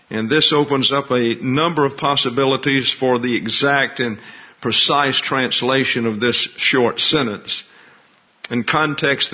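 A male pastor delivering an expository sermon, explaining scripture and its grammar in a deliberate, teacherly way. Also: medium pitch. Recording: dull lo-fi recording.

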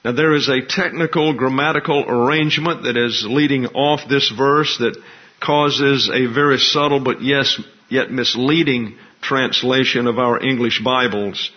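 A man of middle pitch preaches an expository sermon in a deliberate, explanatory manner. His teaching comes through a dull, lo-fi recording. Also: fairly even intonation. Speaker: pastor.

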